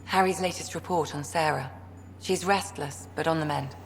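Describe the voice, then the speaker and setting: A woman's voice: low voice, normal speed, vocal fry, slight background noise. An actress playing a wry female ship doctor in a video game, dry and teasing. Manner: dry, teasing and self-deprecating.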